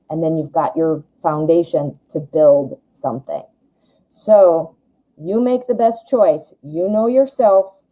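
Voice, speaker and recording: A woman doing a live tarot reading in a very dark, mellow, lowish voice. She talks in a chatty, reassuring way, thinking aloud with lots of ums as she lays out the cards. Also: rough recording. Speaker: tarot reader.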